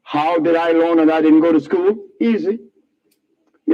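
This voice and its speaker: A man telling his life story in a rambling, animated way, often laughing at his own remarks. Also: on the high side, moderate pace, highs cut off, some chatter behind.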